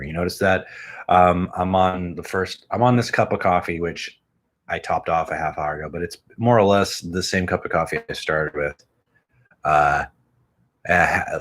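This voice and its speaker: A man's voice: low-pitched, fairly bright tone. A man hosting a home podcast, rambling casually and swearing, talking close into a studio microphone. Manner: rambling, profane, self-mocking. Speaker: podcast host.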